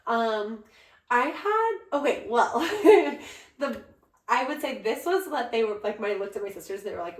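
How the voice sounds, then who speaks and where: A young adult woman co-hosting a podcast, telling a story in a casual, animated way and jumping up high when she quotes herself. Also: measured pace. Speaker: podcast co-host, bride. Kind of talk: casual chat. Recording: echoey room.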